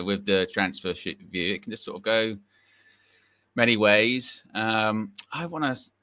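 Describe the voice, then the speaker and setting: A man's voice: on the low side, pushed and bright, no room sound, clean studio sound. A man co-hosting a casual fan podcast, rambling and wry, often repeating himself.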